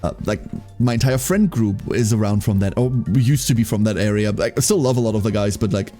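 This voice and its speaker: A man's voice: lowish voice, brisk, dark tone, soft background music. A man from Germany with a light German accent, casually chatting with his live-stream chat, laughing often and repeating his phrases.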